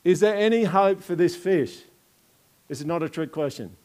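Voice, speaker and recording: A man's voice: on the high side, animated, moderate pace, darkish tone. A man with an Australian accent preaching a conversational sermon, joking and throwing rhetorical questions at the congregation during an object lesson. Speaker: pastor.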